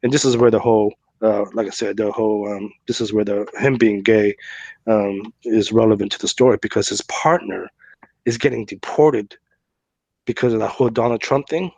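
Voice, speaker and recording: A man's voice: on the low side, fairly even intonation, moderate pace, vocal fry, darkish tone, slightly rough, no room sound. A man hosting a podcast, telling a story in a loose, casual way with many fillers and "right?" tags. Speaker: podcast host.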